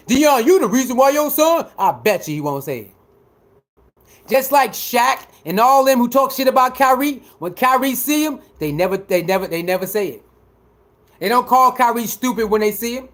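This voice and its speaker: A man doing casual livestream commentary, talking back to his viewers in an animated, emphatic way. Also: very high voice. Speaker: livestreamer reacting to chat.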